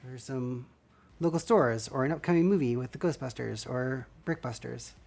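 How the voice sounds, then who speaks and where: This woman has a very deep, darkish voice and talks at a moderate pace while building LEGO on a live stream. She rambles amiably to her viewers, her dry throat giving the sound a scratchy, somewhat gravelly edge.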